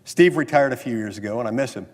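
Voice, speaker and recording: A man's voice: medium pitch, fast talker, a little mellow. An American man, a senator, giving a floor speech that moves from a storytelling anecdote into an earnest, insistent argument. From United States. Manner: storytelling, mimics others in quotes, then earnest and insistent. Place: legislative chamber. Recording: long reverb of a large chamber.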